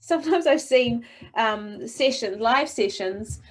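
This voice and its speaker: A middle-aged woman coaching speakers in a webinar, encouraging and expressive, talking over a video call. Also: a little high, slow pace. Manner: encouraging, expressive, demonstrates voices. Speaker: presentation coach.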